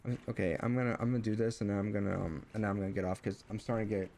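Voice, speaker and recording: A man's voice: fairly low pitch, fairly even intonation, racing, a little mellow, slight background noise. A young man venting in a casual story, rambling with many false starts and fillers. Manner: exasperated, venting. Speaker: streamer.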